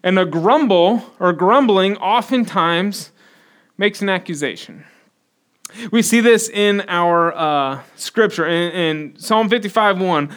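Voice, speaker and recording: A man's voice: sits high, takes it slowly. A man giving a conversational sermon, acting out the quotes he reads. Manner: conversational, animated, acts out quotes. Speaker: preacher.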